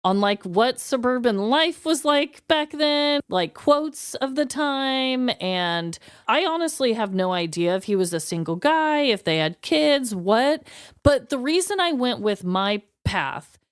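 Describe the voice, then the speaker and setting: Lively woman podcast host. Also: a little high, measured pace, smooth, no room sound, studio quality. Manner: pun-laden storytelling, chatty and giggly. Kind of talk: scripted narration and casual chat.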